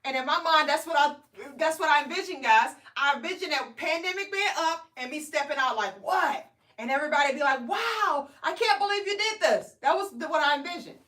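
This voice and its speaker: A woman with a high, bright voice talks to her viewers in a chatty live stream about her weight loss. She keeps checking in with "okay?" and "guys," and she sits some distance from the mic. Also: quick pace, hardly any pauses.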